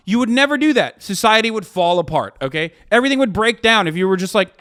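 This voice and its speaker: A man's voice: sits high, sing-song, fast, hardly any pauses, a bit bright, no echo, studio quality. A man streamer from the United States, giving a profane, emphatic reaction commentary. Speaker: streamer host.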